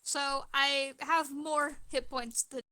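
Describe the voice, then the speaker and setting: Bright, high-voiced woman gamer. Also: fairly even intonation, slow, dry recording. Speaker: player. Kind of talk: casual tabletop game chat.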